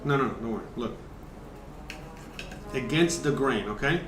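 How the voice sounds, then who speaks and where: A man's voice: mid-range voice, expressive, normal speed, a bit bright, roomy sound, a little hiss or hum. A man hosting a casual cooking livestream, chatting and explaining each step, cursing now and then. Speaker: cooking show host.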